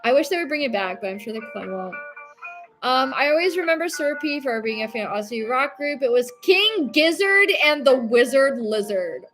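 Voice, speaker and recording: A woman's voice: sits high, lively intonation, a little fast, a bit bright. Chatty young woman streamer, faint music. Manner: rambling, chatty, reads chat aloud, laughs often. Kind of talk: casual livestream chat.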